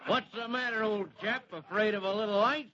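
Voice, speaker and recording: A man's voice: high voice, fairly quick, crowd noise, pitched above the performer's own voice, lightly acted. A man voicing a rowdy American heckler in a bar, mocking and laughing through his words, in 1940s radio acting on a lo-fi old recording.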